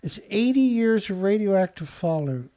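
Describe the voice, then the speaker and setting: A man's voice: high voice, animated, moderate pace, mellow. Indignant man ranting over news headlines. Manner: sarcastic, indignant, heckles headlines aloud. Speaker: show host.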